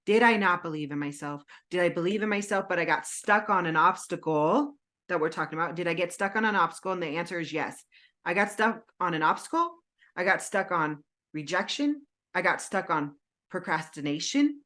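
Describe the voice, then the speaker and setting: A woman with a forceful, bright voice that sits a little low for a woman. She is chatting on a podcast and tells a story, acting out her own phone calls as she goes. She records at home over a video call. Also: lively intonation, brisk. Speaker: podcast co-host, indie author. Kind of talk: casual podcast chat. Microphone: home setup with green screen, video call.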